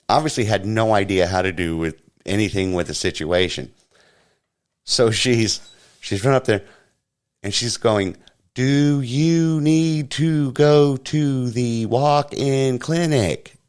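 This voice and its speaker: A man's voice: deep voice, clear, resonant tone. A man hosting a podcast, casually recounting an anecdote step by step. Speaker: podcast host.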